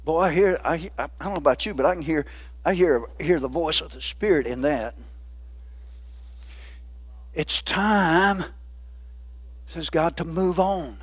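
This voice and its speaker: A man's voice: on the high side, unhurried, pauses often. A man preaching a sermon in a folksy, conversational way, often putting questions to the congregation. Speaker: pastor.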